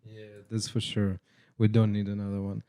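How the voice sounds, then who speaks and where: Russian-accented man, dark mellow voice. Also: fairly low pitch, monotone, normal speed. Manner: broken English, says "bro" often. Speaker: guest. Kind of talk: casual chat.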